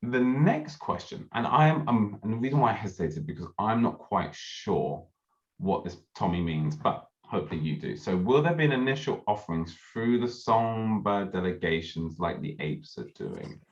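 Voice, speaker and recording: A man's voice: on the low side, sing-song, moderate pace. A male host on a video call, teasing playfully and reading out viewer questions. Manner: playful teasing, laughs often. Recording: muffled video-call audio.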